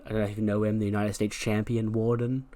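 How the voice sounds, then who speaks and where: A man's voice: lowish voice, flat delivery, quick pace, dark tone, natural voice. A man voicing a young male wrestler who taunts his own father with a sneering tone. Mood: mocking.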